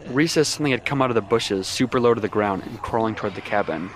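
A young man with a somewhat low voice recounts a true-sounding horror tale in the first person. He talks casually and swears constantly, like a friend telling it late at night. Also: fast, slight background noise. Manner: casual and heavily profane. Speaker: storyteller.

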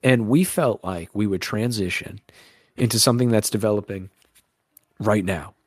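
A man's voice: on the low side, moderate pace, breathy edge, no room sound, clean studio sound. A man co-hosting a podcast, rambling and joking crudely in casual banter. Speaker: podcast co-host.

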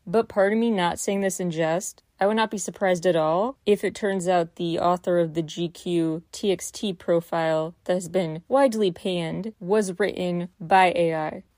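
A woman's voice: fairly low pitch, a little mellow, no echo, clean studio sound. A woman hosting a solo news recap podcast, talking through her critiques with incredulous rhetorical questions. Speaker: podcast host.

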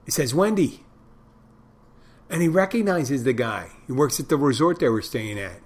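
A man's voice: medium pitch, big pitch swings, a little fast. A middle-aged man hosting a podcast, rambling through stories and crude jokes in a casual monologue. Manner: meandering storyteller, tells crude jokes. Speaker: podcast host.

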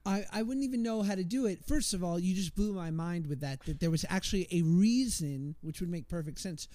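A man's voice: high-pitched, brisk, warm tone, no echo. A man from Manhattan, a podcast guest, chatting casually with wry, playful jokes. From Manhattan, New York.

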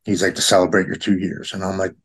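A man's voice: deep voice, little pitch movement, fast talker, slightly rough. A man in his forties telling a heartfelt story in casual conversation, acting out the people he quotes with a raised voice. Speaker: guest in recovery.

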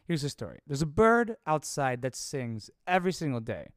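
A young man talks in a lively, crude storytelling voice that swings up and down a lot as he swears through his stories. His voice is clear and smooth, and the room around him is dry. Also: fairly high pitch, normal speed, no echo. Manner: animated, crude, swears freely. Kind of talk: casual profane storytelling.

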